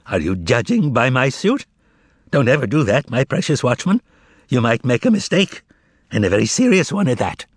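A man's voice: medium pitch, very animated, normal speed, slightly rough, dry recording, clean studio sound. A man voicing a flamboyant, mock-polite male trickster with a crackling voice in an audiobook reading. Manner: theatrical, mock-polite, grandly menacing.

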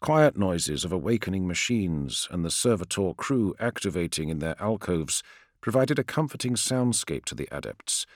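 Expressive male audiobook narrator. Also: low-pitched, moderate pace, no room sound, studio quality. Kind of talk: scripted narration.

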